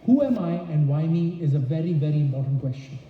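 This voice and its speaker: A man with a high voice coaches a room of salespeople, pressing each point with rhetorical questions. His voice rings through a large hall with a long reverb, and the recording sounds muffled. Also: expressive, fast talker, distant mic. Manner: emphatic, throws rhetorical questions at the audience. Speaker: insurance sales trainer. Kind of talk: seminar talk to an audience. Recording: echoey dull hall recording.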